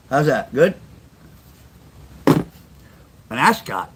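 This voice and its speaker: A man's voice: medium pitch, very animated, a little slow, pauses often, a little hiss or hum. Blunt older New man on a livestream. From New York. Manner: blunt, rambling, repeats himself. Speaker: livestream host and storyteller. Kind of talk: casual livestream chat with chat readers.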